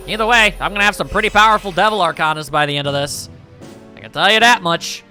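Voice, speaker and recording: A man's voice: high-pitched, fast talker, sharp tone, soft background music. A man commenting casually on a game he plays, joking and rambling in asides. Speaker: let's play commentator.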